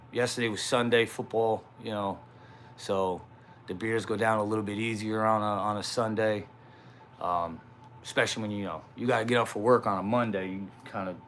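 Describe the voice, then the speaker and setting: A man's voice: mid-range voice, fairly bright tone. A young man talking casually on a livestream, rambling and swearing with self-mocking laughs. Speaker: live streamer.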